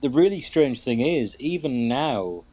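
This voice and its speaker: A British man chatting casually, making measured, thoughtful remarks. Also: mid-range voice, lively intonation, warm tone, dry recording. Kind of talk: casual chat.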